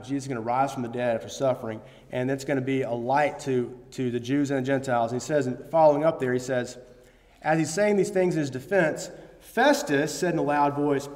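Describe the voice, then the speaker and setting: A man's voice: mid-range voice, a little mellow. A man preaching a sermon, earnest and quoting scripture, with emphatic bursts. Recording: long hall reverb.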